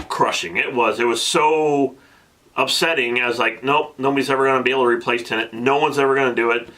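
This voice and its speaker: A man in his thirties, telling a casual vlog story with excitable, animated energy and many restarts, at times getting emotional. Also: mid-range voice. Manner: gets emotional. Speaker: vlogger.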